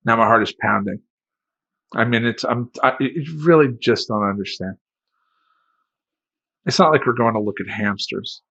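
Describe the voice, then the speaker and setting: Gravelly, husky male storyteller, animated and self-mocking, mid pitch. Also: moderate pace, long pauses. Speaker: life coach telling a story. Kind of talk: comedic personal storytelling. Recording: dull lo-fi sound.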